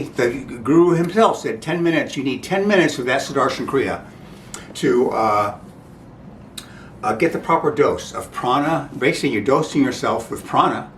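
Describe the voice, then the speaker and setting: Halting man teaching breathwork, roomy and distant. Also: animated, fairly bright tone. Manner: halting, many restarts and "okay?" checks. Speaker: breathing instructor. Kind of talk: informal spoken instruction. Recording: roomy, distant mic, faint rumble.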